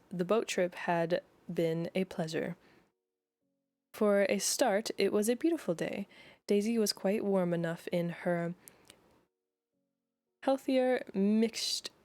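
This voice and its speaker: Young woman streamer, casual read-aloud, unhurried with a dry sound, giggles and self-corrects. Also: mid-range voice, a little mellow, no echo. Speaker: streamer reading a novel aloud.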